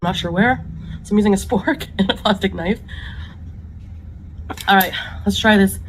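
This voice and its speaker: A woman's voice: medium pitch, moderate pace, a crowd in the background, rough recording. A woman hosting an eating show, chatting about her meal and savoring each bite. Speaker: mukbang host.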